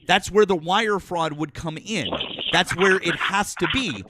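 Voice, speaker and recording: A man's voice: sits high, a little slow, very noisy. A man hosting a political call-in stream, arguing hard with a caller in a profane, combative way, his throat sore. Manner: argumentative, profane, talks over callers. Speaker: political talk show host. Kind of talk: heated live call-in debate.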